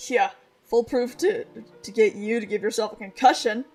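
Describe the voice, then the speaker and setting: A sullen goth older sister mutters in a flat, low, bored voice, as a woman puts her on. She sounds uninterested. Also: normal speed, soft background music.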